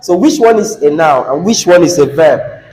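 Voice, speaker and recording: A man's voice: a little high, lively intonation, moderate pace, a little mellow, a little hiss or hum, poor audio. A man with a Nigerian English accent teaching a classroom lesson on word stress, coaxing the class, repeating words and asking questions.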